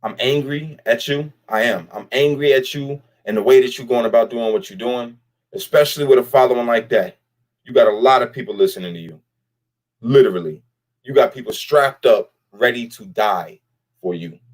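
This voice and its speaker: Fairly quick and medium-pitched with a darkish tone, a man vlogs to camera in a blunt, profane way. He addresses his target directly and says some lines again for emphasis.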